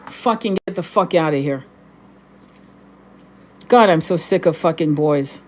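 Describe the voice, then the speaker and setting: A middle-aged woman speaks in a voice of ordinary pitch, ranting on a livestream as a tarot reader and spiritual guide. She is angry, profane and confrontational, swearing freely as she lectures her viewers.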